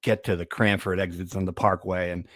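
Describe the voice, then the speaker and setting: A man's voice: low voice, level tone, a little fast, fairly bright tone, dry recording, studio quality. Rambling man hosting a sports podcast. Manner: rambling, self-deprecating, trails off. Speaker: podcast host. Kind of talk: casual sports podcast chat.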